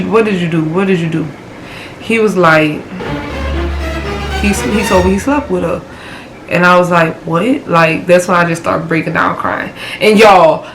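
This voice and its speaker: A woman's voice: mid-range voice, fairly bright tone, echoey room, a little hiss or hum, low-quality recording. A young woman, telling a dramatic personal story in a chatty storytime vlog. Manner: chatty, dramatic retelling with lots of fillers. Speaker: vlogger. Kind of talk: casual storytime.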